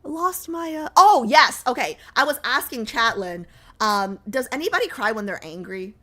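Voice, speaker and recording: A young woman streaming and chatting casually, rambling with lots of fillers, a little sick so her voice sits lower than usual. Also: expressive, moderate pace, sharp tone. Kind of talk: casual livestream chat.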